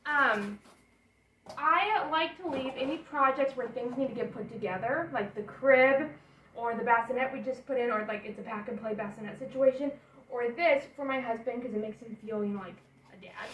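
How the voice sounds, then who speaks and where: A woman's voice: a little high, moderate pace, a bit bright. A young woman, chatting and rambling as she unpacks baby gear in her apartment bedroom for a home vlog. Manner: chatty and rambling, thinks aloud while unpacking. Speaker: vlogger. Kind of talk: casual vlog chat. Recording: roomy sound, camera a bit far off. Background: portable air conditioner hum.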